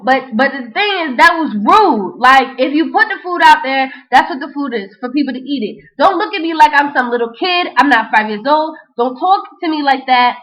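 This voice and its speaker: Animated high-voiced young woman storyteller. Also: normal speed, hardly any pauses. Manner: animated, slangy, frequent "you know what I'm saying". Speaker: vlogger. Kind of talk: casual storytelling and freestyle rap. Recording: dull lo-fi home recording.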